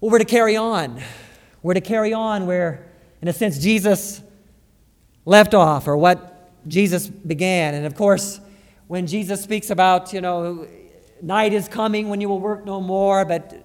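A man preaching a sermon as pastor, halting and repeating words, then rising to emphatic stress. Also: high voice, in a large hall. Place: church sanctuary.

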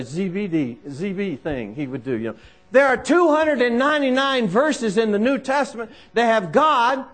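Animated high-voiced male preacher. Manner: animated, repetitive, calls out listeners by name. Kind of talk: sermon.

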